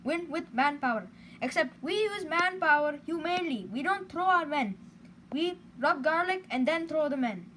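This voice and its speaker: A woman's voice: high voice, animated, moderate pace, a bit bright, low-quality recording. A woman player making jokes and role-playing her nations during an online strategy game. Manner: jokey, puts on an Australian slang voice. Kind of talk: joking in-character game chat. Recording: light background noise.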